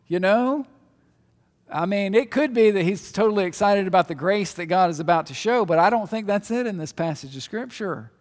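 A man preaching a sermon in a conversational way, shifting between loud emphatic asides and quiet reflection. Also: high-pitched. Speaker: pastor. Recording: long hall reverb.

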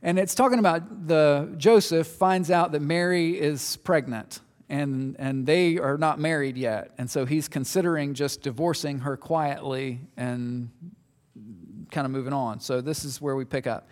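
A male pastor preaches in a loose, conversational way, joking and checking that listeners follow along. His voice sits a little high for a man. The sound rings out with the long reverb of a large hall. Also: a little slow. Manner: animated, chatty, jokes with listeners. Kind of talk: sermon answering questions.

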